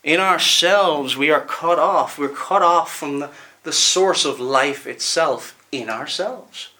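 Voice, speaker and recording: A man preaching a sermon, emphatic, repeating words and slowing down to stress them. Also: on the high side, pushed and bright.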